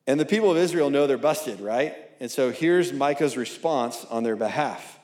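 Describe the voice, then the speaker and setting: A man of middle pitch preaching to young adults in a loose, talky style, often tossing in "right?" as he goes. His voice rings out in a roomy hall with plenty of echo. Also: animated, normal speed, few pauses, darkish tone. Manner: conversational, often asking "right?"; reads scripture aloud. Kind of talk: sermon. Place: church hall at a college service. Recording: echoey room.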